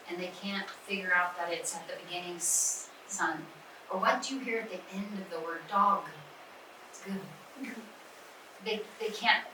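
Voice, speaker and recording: A woman trainer talks teachers through reading instruction, leaning on repeated key words. She is picked up from across a hall with heavy echo. A steady hiss sits under her voice. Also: medium pitch. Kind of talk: workshop talk with questions. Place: conference room. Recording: echoey room from far off, noisy.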